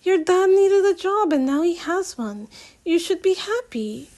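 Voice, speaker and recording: A woman reading the part of a gentle teenage girl who soothes a friend. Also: extremely high pitch, expressive, a little slow, pitched above the performer's own voice. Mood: soothing. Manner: soft and coaxing.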